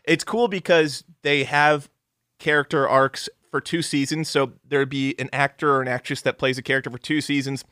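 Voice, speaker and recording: A man's voice: medium pitch, fairly even intonation, normal speed, pushed and bright, clean tone, no room sound, clean studio sound. A man co-hosting a podcast in casual, profane, joking chat. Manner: profane, joking, slips into mocking voices. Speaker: podcast co-host.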